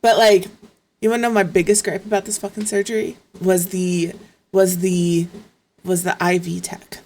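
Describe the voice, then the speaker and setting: A woman's voice: on the low side, flat delivery, moderate pace, darkish tone. A woman streamer in casual chat, telling stories in a profane, exasperated way.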